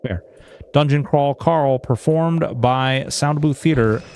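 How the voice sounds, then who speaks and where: A man's voice: medium pitch, slow, a little mellow, slight background noise. A man streaming a game in casual chat, reading viewer messages aloud and talking freely with lots of fillers.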